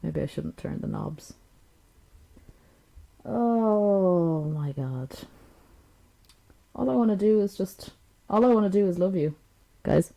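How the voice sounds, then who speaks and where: A woman streamer swears her way through a rambling, frustrated chat, mocking herself as she goes. Her voice sits low for a woman but swings widely up and down. She talks into a desk microphone. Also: very animated, takes it slowly, pauses often, darkish tone, poor audio. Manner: profane, frustrated, self-mocking. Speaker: livestreamer. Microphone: new desk microphone with knobs.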